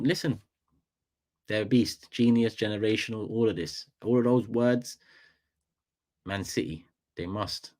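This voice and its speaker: A man with a London accent hosting a casual livestream, animated and slangy, repeating phrases for effect. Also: on the low side, unhurried, long pauses. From England. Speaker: livestream host.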